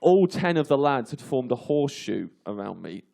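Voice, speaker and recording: A male comedian telling an animated anecdote to a live audience on a comedy panel show, laughing through it. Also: mid-range voice, normal speed, vocal fry, some chatter behind. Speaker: comedian guest.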